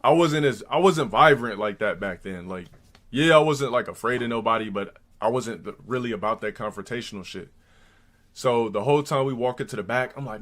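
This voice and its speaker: Guy streaming and telling a crude story, loud and swearing, mid pitch. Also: lively intonation, fairly quick. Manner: loud, crude, swaps into high mocking voices for quotes. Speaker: live streamer. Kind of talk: profane storytelling on a live stream.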